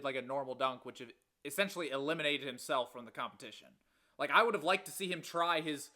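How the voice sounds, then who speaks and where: A man's voice: on the high side, bright, forceful tone. Exasperated young man ranting. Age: 20s. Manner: ranting, exasperated, swears casually. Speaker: podcast co-host. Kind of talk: casual sports podcast chat.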